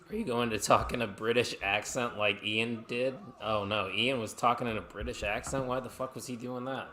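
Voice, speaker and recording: A man's voice: medium pitch, steady tone, normal speed, hardly any pauses, pushed and bright. A man co-hosting a live watch-along stream, chatting casually and reacting to the action while reading viewer comments.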